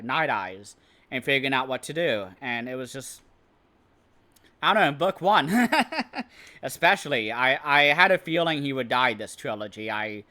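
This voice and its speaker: A man talks through a book review in a loose, unscripted way. He hesitates often and restarts his sentences as he searches for words. His voice is bright and forward, sitting at an ordinary pitch. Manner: hesitant, rambling, many restarts and "I don't know". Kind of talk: casual spoken book review.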